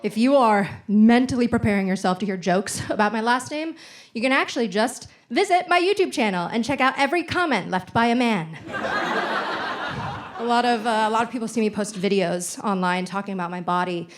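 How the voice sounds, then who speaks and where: Deadpan young woman doing stand-up. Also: fairly high pitch, a little fast. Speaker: stand-up comedian. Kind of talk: stand-up comedy set. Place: theater stage.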